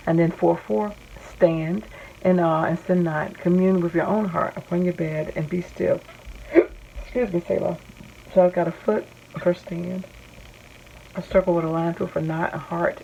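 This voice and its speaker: A woman with a lowish, gravelly voice talks through her faith journal in a casual vlog. She reads each verse aloud and then points out the small drawings she made for it. The recording sounds dull and lo-fi. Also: mellow, slight background noise. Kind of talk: casual show-and-tell vlog narration.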